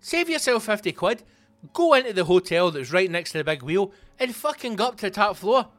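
A Scottish man hosting a comedy podcast, ranting in an animated, sweary monologue. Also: high-pitched, a little fast, no echo, soft background music. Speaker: comedian host.

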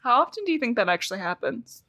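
A woman hosting a casual book-recap podcast, swearing freely and retelling scenes with animated, giggly energy. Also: on the high side, fast talker, no echo, clean studio sound. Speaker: podcast host.

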